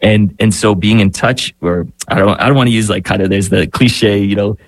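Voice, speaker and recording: A man's voice: lowish voice, moderate pace, dry recording. A man, a priest and spiritual director, speaking thoughtfully on a radio talk show and often searching for words. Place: radio studio.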